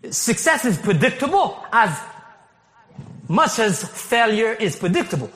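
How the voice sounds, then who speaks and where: A man from Haiti preaching a sermon as pastor, animated, laughing often and rising to shouts. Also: high-pitched, a little slow. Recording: long hall reverb.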